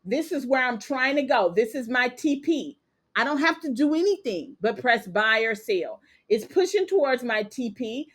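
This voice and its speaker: Female trading teacher, upbeat and fairly high-pitched, live online lesson, keeps asking "okay?". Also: sing-song, a bit bright. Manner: brisk, checks in with "okay?" and "capiche?". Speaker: trading instructor.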